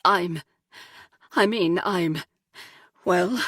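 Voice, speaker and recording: A woman's voice: on the low side, a bit bright, no room sound, studio quality, full character voice. A woman voicing a middle-aged husband who halts and sobs through his words. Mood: tearful. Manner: halting, tearful speech. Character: emotional middle-aged mayor husband, crying.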